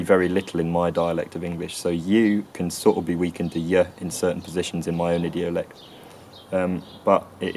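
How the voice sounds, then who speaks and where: A man with a very deep voice talks through an educational explainer in a level, even tone, pausing to hedge and correct himself. He is recorded outdoors near a tree, with faint ambient noise in the background. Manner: measured, explanatory, self-correcting. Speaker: video presenter on accents. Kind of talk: educational talk to camera.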